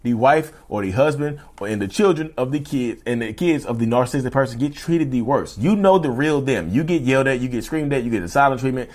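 A man talking straight to his listeners in a loose, animated solo podcast. His pitch sits in a middle range, and he circles back over his points, restarting lines as he thinks. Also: brisk, few pauses. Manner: animated, chatty, repeats and restarts himself. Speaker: podcast host. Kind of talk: casual solo podcast monologue.

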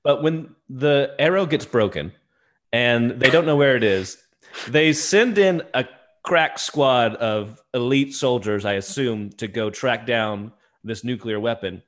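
A man's voice: mid-range voice, unhurried. Man, podcast co-host, wry and amused, casual movie talk.

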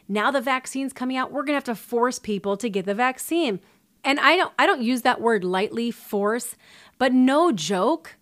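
A woman's voice: fairly high pitch, expressive, moderate pace, a bit bright. Sarcastic, indignant woman. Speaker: commentator. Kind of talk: opinion commentary.

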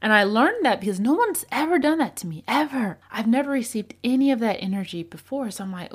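A woman's voice: on the high side, animated, fairly quick, hardly any pauses, husky. A young adult woman hosting a podcast, talking casually and giving advice, acting out the lines of a story as she tells it. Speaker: podcast host.

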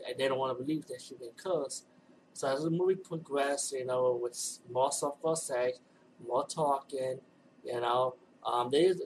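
A man's voice: medium pitch, a little mellow, a little hiss or hum, rough recording. A man giving a loose, rambling spoken review of a horror movie, talking casually with lots of restarts.

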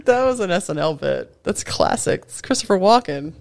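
Jokey podcast host with a smooth voice. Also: male voice, high voice, animated, normal speed, dry recording. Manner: jokey, tries silly put-on English accents. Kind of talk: casual podcast chat.

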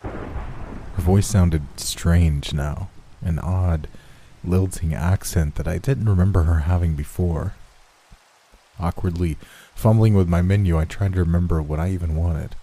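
A man narrates a horror story in a steady, measured scripted reading. His voice sits very low, with a dark, mellow tone. It has a slightly husky, breathy edge.

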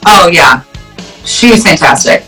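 A woman's voice: lowish voice, lively intonation, slow pace, pushed and bright, faint music behind, low-quality recording. A woman comedian chatting easily as a podcast guest, trailing off now and then, with trouble using her voice. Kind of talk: casual chat.

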